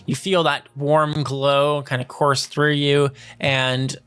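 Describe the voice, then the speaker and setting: A man's voice: fairly high pitch, flat delivery, slow, a bit bright, clear, resonant tone. A man narrating scenes as game master of a tabletop role-playing game, describing at length with many fillers.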